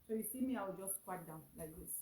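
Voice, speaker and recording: A woman's voice: mid-range voice, quick pace, mellow, slight background noise. A woman giving a casual how-to demonstration at home, repeating her steps while squatting by a wall and sipping a drink. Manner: repetitive, instructive, talks while squatting and drinking. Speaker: wellness vlogger. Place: room at home, crouched by a wall. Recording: echoey room, voice from off-mic.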